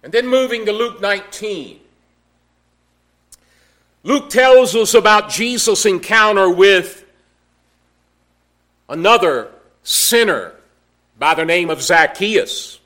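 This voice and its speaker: Male pastor, high-pitched, slow deliberate sermon delivery with emphatic rises. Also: animated, a bit bright.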